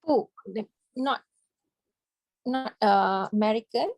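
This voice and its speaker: Woman, student, slow hesitant speech, slightly high voice, dry close sound. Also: darkish tone, no echo, poor audio. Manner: hesitant, many fillers, sounds out words slowly. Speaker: language student. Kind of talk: halting lesson practice.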